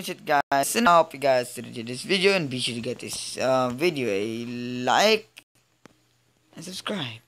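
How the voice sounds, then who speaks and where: An excitable gamer narrates a let's play in a loose, casual way, often tripping over repeated words. The voice leaps all over its range with every sudden outburst, yet the talk overall moves at an unhurried pace. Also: mid-range voice. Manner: excitable, blurts out exclamations and stammers repeats. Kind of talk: casual gaming commentary.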